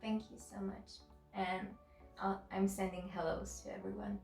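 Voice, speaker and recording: A woman's voice: mid-range voice, flat delivery, normal speed, creaky, darkish tone. A woman makeup vlogger chatting casually to the camera, giggling often and gushing with thanks. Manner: giggly, laughs often between words; gushing and grateful. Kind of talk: casual vlog chat to the camera. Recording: roomy echo with faint background music.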